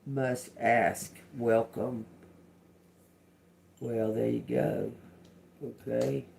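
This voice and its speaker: A man runs a live psychic reading, speaking in slow, halting fragments and echoing single words back. His voice has a gravelly edge and sits at an ordinary pitch. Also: level tone, a little mellow, a little hiss or hum. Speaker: livestream psychic reader. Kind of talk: live spirit-box and card reading.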